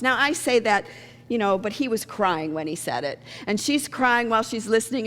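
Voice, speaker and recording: A woman minister preaches in a relaxed, conversational manner, telling stories and slipping into the voices of the people in them. Her voice sits a little high. The long reverb of a church sanctuary hangs on every phrase. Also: brisk. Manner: conversational storytelling, acting out quoted voices. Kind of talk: sermon.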